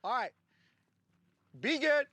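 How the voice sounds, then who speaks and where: A man's voice: very high-pitched, expressive, slow, sharp tone, husky. A man working as a firearms instructor, explaining drills to his class with jokes and then barking short range commands. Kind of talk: live training-class instruction.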